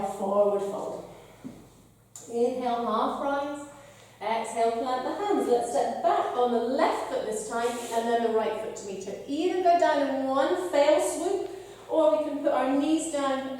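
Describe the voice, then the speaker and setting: A woman leading a yoga class, calmly and encouragingly cueing each breath and pose. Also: high voice. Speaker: yoga instructor. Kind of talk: guided yoga class instruction. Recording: echoey hall, voice from far off.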